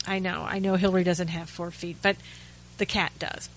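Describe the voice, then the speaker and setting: A woman's voice: on the low side, level tone, normal speed, a little hiss or hum, poor audio. A woman hosting a talk radio show, giving chatty, sarcastic commentary with frequent asides and restarts. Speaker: radio host.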